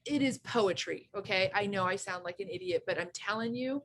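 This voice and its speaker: A woman's voice: medium pitch, brisk, a little hiss or hum. A woman co-hosting a casual chat, effusive and enthusiastic, often restarting her sentences. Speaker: co-host.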